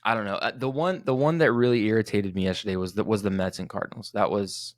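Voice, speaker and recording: A man's voice: fairly low pitch, fast, dry recording. Profane, ranting young man, dry mic. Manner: profane, animated, frequent self-corrections. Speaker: podcast host. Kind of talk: casual rant.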